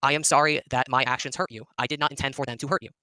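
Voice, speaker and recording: A man's voice: mid-range voice, fairly even intonation, racing, pushed and bright, no room sound. A man in a voice-chat discussion, firmly explaining how to apologize. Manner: firm, lecturing, repetitive. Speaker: participant in group call.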